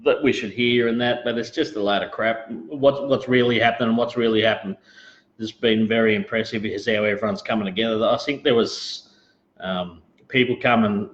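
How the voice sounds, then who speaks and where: Australian male host, laid-back and rambling, casual live-stream chat, roomy lo-fi sound. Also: medium pitch. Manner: rambling, laid-back, greets viewers, frequent fillers.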